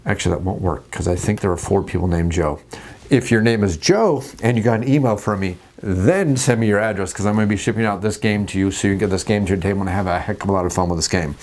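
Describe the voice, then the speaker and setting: A man hosting a casual talk about tabletop games, jokey and animated, acting out scenes at the table. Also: low voice, fast. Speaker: host.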